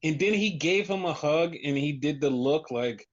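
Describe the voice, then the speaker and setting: This man's voice is a little high and his speed is normal as he chats casually as a podcast co-host. He's rambling and profane, heavy on "like," and he acts out quotes from others; the recording is dull and lo-fi.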